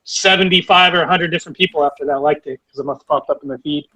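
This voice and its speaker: Casting: high-pitched male co-host, blunt sarcastic delivery. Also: fairly even intonation, very fast, sharp tone, husky. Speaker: podcast co-host. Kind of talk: casual wrestling review chat.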